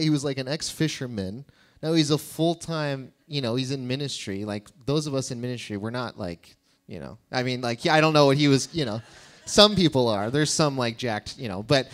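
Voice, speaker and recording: A young man delivers a sermon as a pastor. He talks in a loose, conversational way, tossing in jokes and asides. His voice sits at an everyday middle pitch. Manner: casual and conversational, joking with the congregation.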